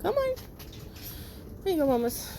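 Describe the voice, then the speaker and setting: A woman with a high voice chats casually outdoors while tending her dogs. Her pitch leaps wildly into squeaky baby talk and drops back to plain chat. Faint outdoor noise sits behind her. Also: big pitch swings, normal speed, gravelly, mellow. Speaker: dog breeder. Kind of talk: casual vlog talk to puppies. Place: backyard outdoors. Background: faint outdoor noise with distant fireworks.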